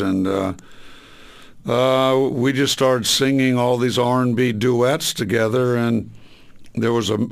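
A man's voice: mid-range voice, gravelly. An older man from Southern California, a singer, reminiscing in an interview in a rambling way full of fillers. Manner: rambling, many fillers and restarts. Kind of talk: relaxed reminiscing.

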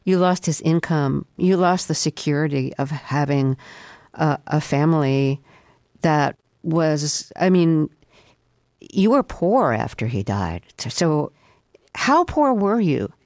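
An interviewer with a mid-pitched voice asks direct, measured questions. The recording is close and dry, with no sense of the room. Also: lively intonation, a little mellow, no room sound.

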